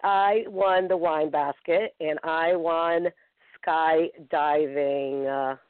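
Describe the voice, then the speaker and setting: A woman's voice: deep voice, fairly even intonation, drawn-out words, smooth, no room sound. A woman talk show host telling a story in chatty, casual fashion, full of filler words. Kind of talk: casual chat. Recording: tinny phone line.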